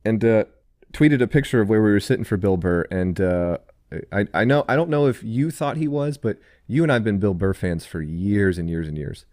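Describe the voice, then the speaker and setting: A male podcast co-host keeps the chat casual, easygoing, and enthusiastic. His voice is lowish, slightly mellow, and lively in intonation at normal speed, recorded dry with clean studio sound.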